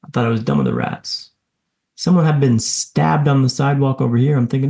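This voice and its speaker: A man's voice: medium pitch, big pitch swings, fairly quick, vocal fry, dark tone, roomy sound. A man guest on a podcast, telling a dramatic personal story in vivid, punchy lines with self-deprecating humour.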